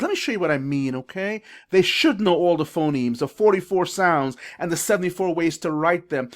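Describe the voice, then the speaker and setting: A man's voice: high voice, fairly bright tone. A middle-aged man coaching parents on reading, who sounds out syllables and spelling rules with emphasis. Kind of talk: instructional video for parents. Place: classroom or school office.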